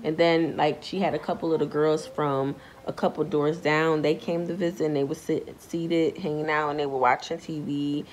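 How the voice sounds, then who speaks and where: A woman's voice: normal speed, few pauses, slight background noise, low-quality recording. A young woman casually telling a storytime tale in slangy speech, acting out the people she quotes. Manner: animated, acts out quoted voices in a high pitch; slangy, repeats filler phrases.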